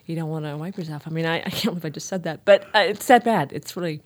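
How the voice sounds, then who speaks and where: A woman's voice: deep voice, fast. A woman hosting a frank podcast in a large sound studio, bawdy and blunt, laughing easily with her co-host. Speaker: podcast host, sex writer. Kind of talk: casual chat. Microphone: old-school studio mic.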